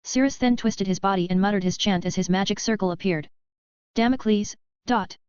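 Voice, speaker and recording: A woman's voice: mid-range voice, fast, a little mellow, clean tone, no echo, dull audio. A woman giving a scripted novel narration, reading evenly and steadily. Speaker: audiobook narrator.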